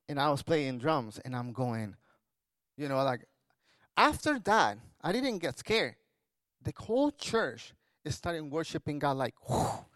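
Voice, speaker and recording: High-voiced pastor preaching a sermon. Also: male voice, fairly bright tone, no echo.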